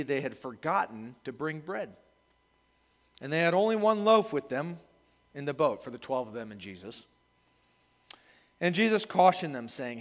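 Male pastor, raised voice, lively sermon storyteller, echoing hall. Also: fairly high pitch. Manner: lively, animated storytelling with laughs.

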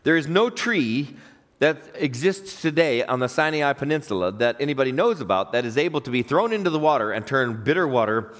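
A man's voice: mid-range voice, in a large hall. A man preaching a sermon, reading scripture and asking his listeners questions. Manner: lively, questions the congregation. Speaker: pastor.

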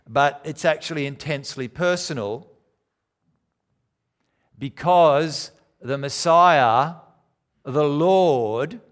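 A man preaching a sermon, emphatic, swinging between loud declarations and quiet, low lines.

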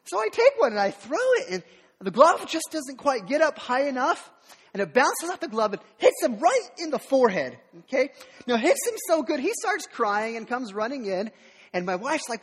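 A high-voiced, lively male pastor in his thirties preaches, telling family stories and swinging his pitch up and down as he acts out each voice. His voice rings out with a long reverb, as if in a large sanctuary. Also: moderate pace, husky. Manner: animated storytelling, acting out voices. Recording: reverberant hall.

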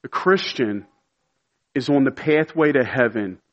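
A man's voice: medium pitch, lively intonation, a little slow, dull audio. Earnest man preaching a sermon. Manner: earnest, rising to emphatic shouts. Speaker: pastor.

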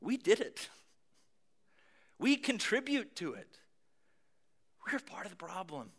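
A man preaching a sermon, moving between booming emphasis and hushed near-whispers, with casual conversational asides. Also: sing-song, slow, slightly rough. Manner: conversational asides with light humor. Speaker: pastor.

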